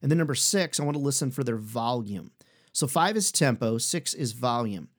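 Animated fast-talking male sales coach. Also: medium pitch. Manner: energetic, fast-talking, emphatic. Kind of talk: podcast lesson.

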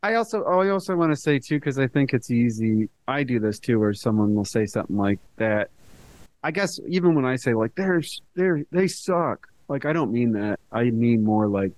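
A man's voice: mid-range voice, animated, a little fast, a little mellow. Rambling young man podcast co-host. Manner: rambling, hedging, with many fillers. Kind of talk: casual chat.

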